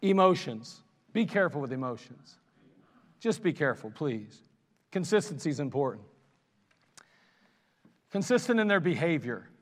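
A man preaching a sermon as pastor, talking in an animated, conversational way with self-mocking asides. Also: on the high side, normal speed, pauses often. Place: church sanctuary. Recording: long reverb of a church hall.

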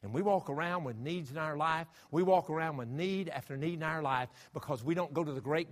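Bright-voiced preacher in an echoing hall. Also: male voice, fairly high pitch, fairly quick, few pauses. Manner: emphatic, rhetorical questions to the congregation. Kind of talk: sermon. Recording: long hall reverb.

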